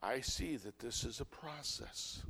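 A man, a pastor, preaching an impassioned sermon that swings between loud outbursts and low, earnest asides. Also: lively intonation, a little slow, creaky, slightly rough. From United States.

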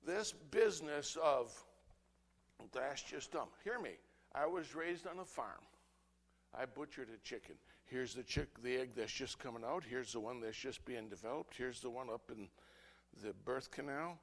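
A man, a pastor, preaching an impassioned sermon that swings between loud outbursts and low, earnest asides. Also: measured pace. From United States.

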